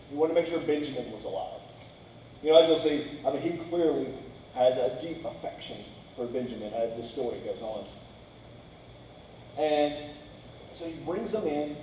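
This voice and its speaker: Man, casual sermon, dark mellow voice, echoey church hall from a distance. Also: a little high, slight background noise. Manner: conversational, acts out characters' quotes with "he's like". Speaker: pastor. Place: church sanctuary.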